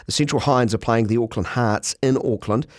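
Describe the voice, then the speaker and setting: A man hosting a cricket podcast in casual, animated, self-mocking chat. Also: mid-range voice, moderate pace, dry recording, studio quality.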